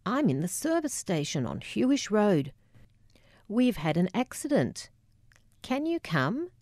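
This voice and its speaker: A woman narrating her memoir in a measured, deliberate, wry way. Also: deep voice, dark tone, dry recording, studio quality.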